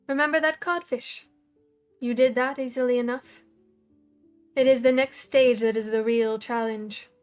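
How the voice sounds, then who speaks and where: A woman voicing a cold, scornful dark mentor. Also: fairly high pitch, lightly acted.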